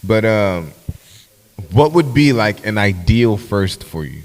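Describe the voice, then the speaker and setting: A man hosting a podcast in casual chat, animated and profane, slipping into playful voices of his friends. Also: fairly low pitch, takes it slowly, in a large hall. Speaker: podcast host.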